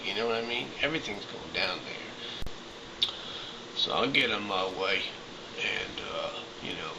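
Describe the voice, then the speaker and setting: A man's voice: deep voice, creaky, far from the mic, background noise. A man telling a comedic rambling story as a truck driver, indignant and full of clueless bluster.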